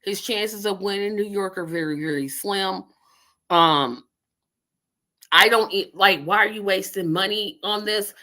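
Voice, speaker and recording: A woman's voice: medium pitch, measured pace, sharp tone. A woman hosting a casual political livestream, rambling and talking to her viewers while she multitasks. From Indiana. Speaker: livestream host.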